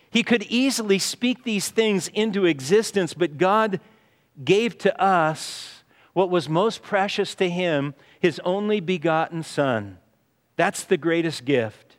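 A man delivers a sermon in an earnest, storytelling manner and keeps coming back to "you see". His voice sits on the high side, and he takes his time. The sound rings with the long echo of a large hall. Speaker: pastor. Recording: reverberant hall.

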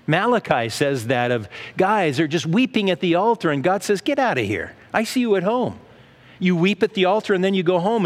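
A man delivering a sermon in a relaxed, conversational manner, posing rhetorical questions and briefly voicing the excuses people make. His voice sits a little higher than most men's. A long reverb trails behind his words, as in a large hall. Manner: conversational preaching with rhetorical questions and acted-out quotes. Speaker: pastor.

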